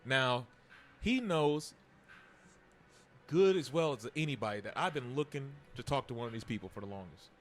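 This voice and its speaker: A man's voice: mid-range voice, animated, normal speed, long pauses. A man co-hosting a casual podcast chat, rambling and restarting his sentences, with loose slang. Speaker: podcast co-host.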